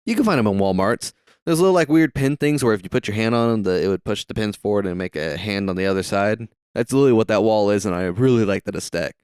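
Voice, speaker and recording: A man's voice: fairly low pitch, fast, darkish tone, smooth, no echo, studio quality. A young man with a Southern US accent, co-hosting a podcast and chatting casually and jokingly while watching a movie, rambling and swearing often. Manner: rambling, profane, jokey. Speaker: podcast co-host.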